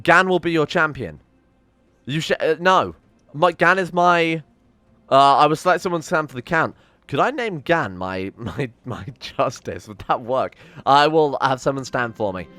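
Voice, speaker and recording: A man's voice: on the high side, animated, moderate pace, sharp tone, clean tone, no room sound, soft background music. A young man giving casual, exasperated game commentary, swearing and ranting theatrically. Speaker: game streamer.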